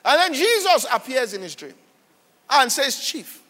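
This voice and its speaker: A man, a pastor preaching a sermon in an animated way and checking often that listeners follow him, heard with a long hall reverb. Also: very high-pitched, normal speed. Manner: animated, repeats "all right" and "are you following".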